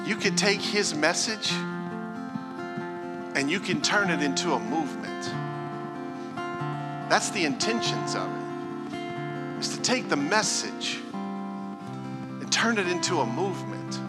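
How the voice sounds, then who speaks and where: A man preaching a sermon as pastor, piling up rhetorical questions and moving between loud exhortation and hushed talk. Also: fairly high pitch, very animated, takes it slowly, long pauses, over loud music. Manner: rhetorical, building "what if" questions.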